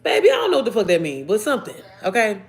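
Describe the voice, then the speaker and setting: Fast-talking animated woman telling a story. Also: mid-range voice. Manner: animated, profane, addresses viewers as y'all and baby. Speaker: online business coach. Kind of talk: casual storytime vlog.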